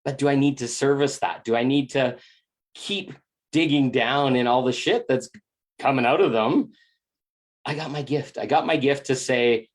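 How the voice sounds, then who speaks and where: In a slightly high voice at a moderate pace, a man delivers a reflective spiritual self-help monologue. He is candid and emphatic, swears freely, and often repeats words while thinking aloud.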